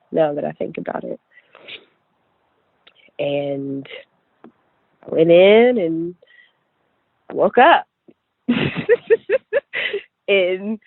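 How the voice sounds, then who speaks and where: A woman's voice: deep voice, vocal fry, no echo. A young woman from West Virginia, a podcast guest, telling her personal story in a chatty way full of "like" and "you know". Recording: tinny phone-line audio.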